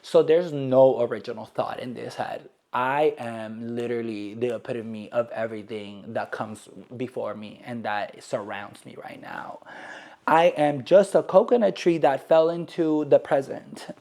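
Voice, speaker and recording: A man's voice: medium pitch, a little slow, darkish tone. A young man ranting to camera in a sarcastic, rambling, dramatic way. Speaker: vlogger. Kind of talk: casual rant to camera.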